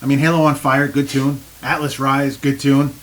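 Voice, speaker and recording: A man's voice: medium pitch, flat delivery, moderate pace, fairly bright tone, slight background noise. A man hosting a radio show from a studio, joking and swearing in casual chat with his guests. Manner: rowdy, joking, profane. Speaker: radio host.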